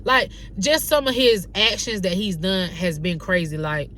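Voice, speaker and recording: A young woman from North Carolina telling a casual storytime on her vlog, animated and slangy, acting out the dialogue she quotes. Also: mid-range voice, unhurried, a little hiss or hum. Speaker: vlogger.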